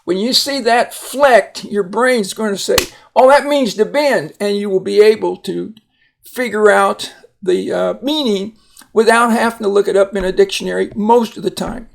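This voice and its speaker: A male teacher giving a recorded phonics lesson, slow and patient, with many fillers and restarts. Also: high voice, creaky.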